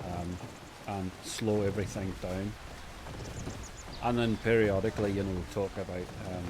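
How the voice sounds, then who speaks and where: A man's voice: sits low, fairly even intonation, slow pace, long pauses, noisy background. A man streamer chatting casually with his viewers, rambling along and laughing often.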